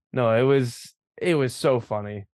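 A man co-hosting a sports podcast, telling a story in an animated way, swearing and laughing as he goes. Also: medium pitch, dry recording, studio quality. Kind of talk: casual sports chat.

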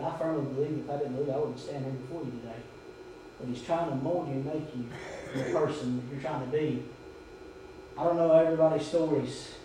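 A man's voice: mid-range voice, noisy background. A man preaching a sermon, telling a story and urging his congregation. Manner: storytelling, shouting quoted drill commands. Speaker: pastor. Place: church sanctuary. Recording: echoey church from far off.

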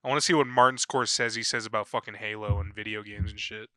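Dude hosting a late night podcast, super bright sharp voice, crude jokes, laughing a lot, dry close sound. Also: male voice, on the low side, fairly even intonation, quick pace, no echo. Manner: crude joking, laughs often. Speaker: podcast host.

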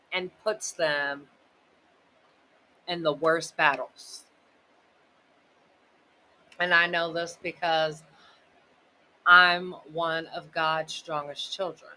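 A man's voice: on the high side, pushed and bright, a little hiss or hum, low-quality recording. A man hosting a podcast, talking casually about faith in a loose, rambling way full of "like" and "you know". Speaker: podcast host.

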